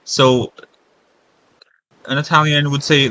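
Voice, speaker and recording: Bright-voiced man rambling over gameplay. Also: mid-range voice, moderate pace. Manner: rambling, thinks aloud, questions himself. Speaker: gamer. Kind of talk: let's play commentary.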